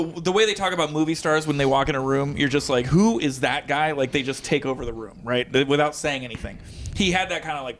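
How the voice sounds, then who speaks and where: A man, a comedian and guest, telling a story in casual conversation, animated and quick to laugh, acting out bits of dialogue. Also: a little high, a little hiss or hum. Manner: animated, breaks into laughter, acts out lines of dialogue.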